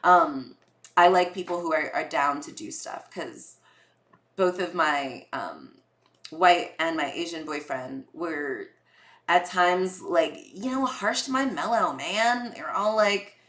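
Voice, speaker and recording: A woman's voice: sits low, animated, takes it slowly, fairly bright tone, echoey room. A young woman hosting a podcast, telling candid personal stories in a chatty way, full of fillers and acted-out quotes. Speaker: podcast host. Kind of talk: casual personal storytelling.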